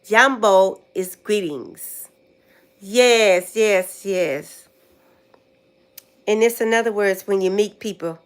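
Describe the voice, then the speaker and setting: An older American woman on a casual livestream, talking in a relaxed, chatty way. She goes over words again and again as she recalls them, with a voice of ordinary middle pitch. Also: takes it slowly, long pauses, smooth. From United States. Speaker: vlogger.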